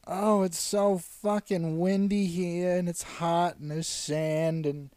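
Mellow young man, deadpan. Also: high voice, slow, clear, resonant tone, dry recording. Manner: deadpan storytelling, swearing. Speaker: podcast co-host. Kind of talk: casual chat.

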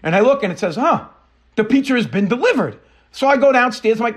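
A man's voice: sits high, animated, fast. A middle-aged man hosting his podcast, telling an angry story in a casual, profane rant full of quoted dialogue. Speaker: podcast host. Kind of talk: casual ranting monologue.

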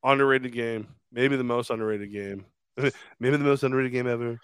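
A man's voice: mid-range voice, fairly even intonation, moderate pace, fairly bright tone, smooth, dry recording. A man co-hosting a podcast in casual chat, rambling and crude as he tells stories and acts out quotes. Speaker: podcast co-host.

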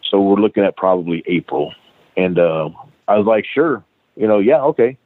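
A man's voice: fairly low pitch, normal speed, dry recording. Middle-aged man, tinny phone line. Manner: profane, animated anecdote with acted-out quoted dialogue. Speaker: guest, wrestling trainer. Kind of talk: casual storytelling interview.

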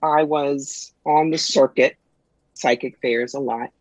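A middle-aged woman, a guest psychic and author, telling stories in a brisk, wry, punchy way in a casual interview. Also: extremely low pitch, fairly even intonation, dry recording. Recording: dull lo-fi sound, dry.

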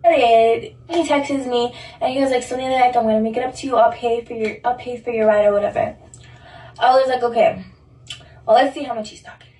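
Young woman, fairly high voice, chatty storytelling, sounds off-mic in an echoey room. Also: steady tone, fairly quick, darkish tone. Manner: chatty, full of "like", acting out quoted speech. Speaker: storyteller in played audio. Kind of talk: casual storytelling. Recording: echoey, distant recorded clip.

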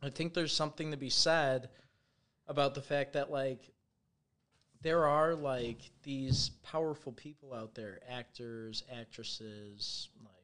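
Loud, rambling American podcast host. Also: male voice, mid-range voice, fairly even intonation, takes it slowly. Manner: loud, rambling, swears freely. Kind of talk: casual podcast chat.

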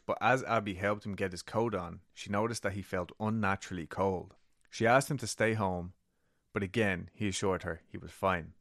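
Low-voiced man telling a story casually. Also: steady tone, moderate pace, a bit bright. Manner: reads book quotes aloud, swears, laughs at own asides. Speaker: podcast co-host.

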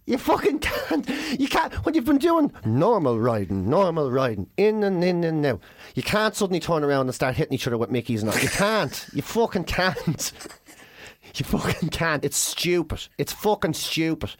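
A man's voice: a little high, sing-song, moderate pace, dry recording, studio quality. A man co-hosting a podcast, telling crude comic stories, swearing a lot and hammering his points with repetition. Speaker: podcast co-host.

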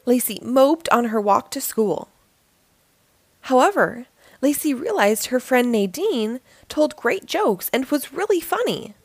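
A woman hosting a storytime, reading a children's book aloud in a lively, expressive way. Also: fairly high pitch, measured pace, husky, no echo. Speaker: storytime host.

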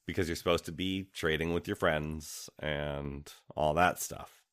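A man's voice: very deep voice, fairly even intonation, measured pace, a bit bright, no echo, studio quality. A man co-hosting a gaming podcast in casual chat, laughing often and mimicking game characters. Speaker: podcast co-host.

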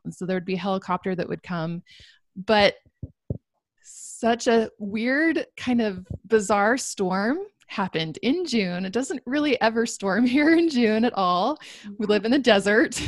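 A woman's voice: mid-range voice, no echo, clean studio sound. A young woman telling a personal story in an earnest, reflective way, with light laughs between lines. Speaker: guest telling her story. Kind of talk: personal testimony.

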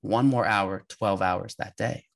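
A man from the United States, a podcast guest and adventurer, telling an energetic, emphatic story in conversation. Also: fairly low pitch, measured pace, creaky. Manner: energetic, emphatic, often laughing.

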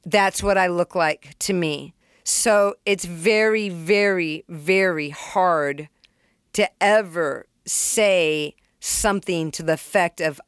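A middle-aged woman, a songwriter and producer, tells stories as an interview guest with open, unguarded energy, swearing freely and acting out beats and sounds. Her smooth, clear voice sits on the low side and is recorded close and dry, with no echo.

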